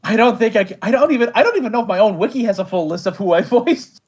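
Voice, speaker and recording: A man's voice: sits high, expressive, racing. A man chatting casually in an interview about voicing characters. He rambles with lots of fillers, laughs often and pokes fun at himself. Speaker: creator and voice actor of an animated show.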